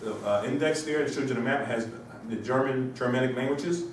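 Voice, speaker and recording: A man's voice: mid-range voice, brisk, far from the mic, a little hiss or hum. Rambling man lecturing in an echoey classroom. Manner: rambling, asks rhetorical questions. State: has a cold. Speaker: instructor. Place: university classroom.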